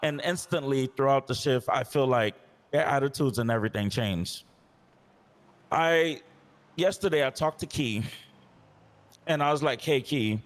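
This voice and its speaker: A man's voice: medium pitch, big-room sound. A man playing a police officer in a role-play game, frustrated and recounting past conversations in detail. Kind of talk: in-character role-play complaint.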